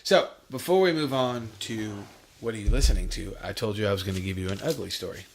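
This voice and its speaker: Male drummer guest, slightly low voice, laid-back profane storytelling, casual podcast talk. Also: quick pace. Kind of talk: casual chat.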